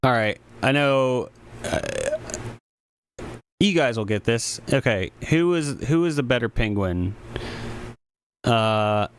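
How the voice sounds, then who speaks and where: A man's voice: mid-range voice, animated, slow, long pauses, slight background noise. A man, a composer streaming live, chatting casually and rambling with many restarts. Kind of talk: casual livestream chat. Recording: music playing behind the voice. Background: music.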